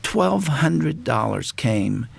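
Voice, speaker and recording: A man hosting a radio conversation, with a gravelly, creaky edge to a mid-range voice. He tells his story slowly and reflectively, with many small pauses. The recording is close and dry. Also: mid-range voice, big pitch swings, no echo. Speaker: radio show host.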